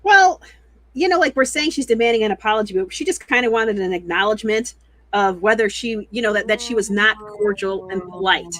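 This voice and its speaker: A woman on a casual panel chat who talks in an expressive, joking way. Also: medium pitch, fairly quick, no room sound. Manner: lively, expressive, jokey.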